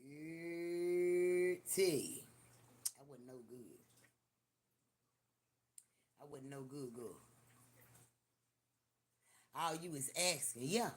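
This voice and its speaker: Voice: mid-range voice, extremely slow, long pauses. Older livestream host, chatty storyteller, cusses freely, addresses the viewers directly. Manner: animated, profane, talks straight to viewers. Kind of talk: casual live-stream storytelling.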